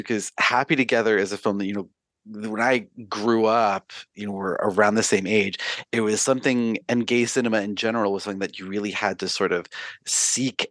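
A man's voice: fairly low pitch, a bit bright, no echo. A middle-aged man hosting a podcast interview, asking long questions filled with "um" and "you know". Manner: rambling questions with many fillers.

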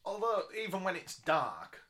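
A man's voice: high-pitched, huge pitch swings, unhurried, pushed and bright. A man co-hosting a casual podcast chat, dry and wry, steering the talk along. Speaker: podcast co-host.

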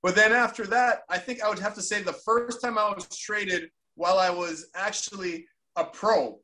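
Animated, bright-voiced man telling a story. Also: high-pitched, normal speed. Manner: animated, acts out quotes with voices. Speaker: former pro hockey player, podcast co-host. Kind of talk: casual storytelling chat.

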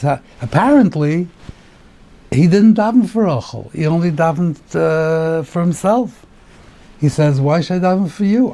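A rabbi teaches a Torah class on the weekly portion, walking through the text step by step, posing rhetorical questions and mixing in Hebrew terms. His male voice is slightly high, with a dark tone.

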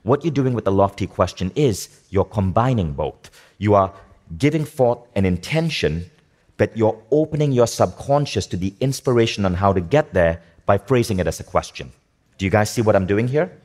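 A man giving a motivational talk to a live audience, energetic, asking the room questions and repeating key phrases. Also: fairly low pitch, normal speed. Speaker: speaker teaching a workshop.

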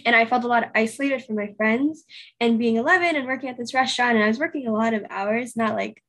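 A woman's voice: on the high side, fast, a bit bright. An eighteen-year-old woman guest on a podcast, telling a casual story full of fillers and acting out her own past thoughts. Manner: chatty, filler-heavy storytelling with acted-out inner quotes. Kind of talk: casual interview conversation.

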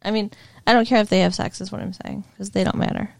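A woman's voice: medium pitch, fairly even intonation, fast talker, creaky, darkish tone, no room sound. A woman co-hosting a casual movie review podcast, dry, blunt and sarcastic. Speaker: podcast co-host.

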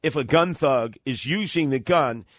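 A man's voice: mid-range voice, moderate pace, fairly bright tone, no room sound. A man co-hosting a political talk radio show, arguing in a combative, insistent way into a studio microphone. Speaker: radio co-host.

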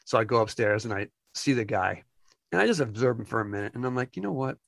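Animated New Jersey-raised storyteller. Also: male voice, on the low side, fast, vocal fry, no echo, clean studio sound. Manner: animated storyteller acting out quotes. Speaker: music industry insider. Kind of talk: casual anecdote telling.

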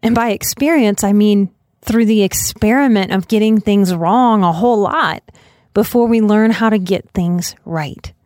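A woman's voice: mid-range voice, a little mellow, no room sound. Female podcast host, therapist type, earnest and reflective, dry close mic. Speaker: podcast host, life coach and psychotherapist. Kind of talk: solo podcast monologue.

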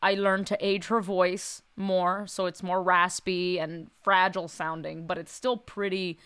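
A woman's voice: lowish voice, flat delivery, measured pace, fairly bright tone, clear, resonant tone, no room sound. A woman sketch comedian talking candidly in a casual podcast conversation, blunt and swearing freely. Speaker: sketch comedian and character creator.

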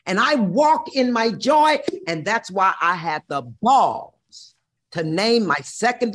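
A woman's voice: mid-range voice, lively intonation, slow pace, fairly bright tone. A woman in her sixties from Missouri, telling her life story as an interview guest in a brassy, profane, dramatic way. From Missouri, USA. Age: 60s.

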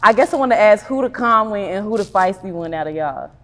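A young woman hosting a casual interview, asking lively, slangy questions. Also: medium pitch, fast talker, long reverb tail. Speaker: interview host.

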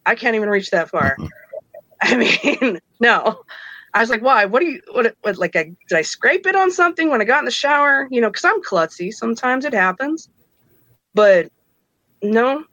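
A woman's voice: medium pitch, bright, forceful tone, dry recording, highs cut off. A woman in her thirties casually telling a personal story, acting out the voices of others and laughing between lines. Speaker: guest telling her own experiences.

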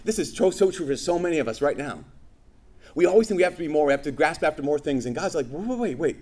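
A man preaching a sermon, telling stories and acting out quoted voices with animated energy. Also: on the high side, fast talker.

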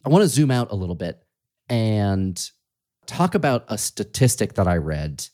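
A man hosting an interview, asking slow, deliberate, thoughtful questions. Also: lowish voice, sing-song, dark tone. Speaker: podcast host.

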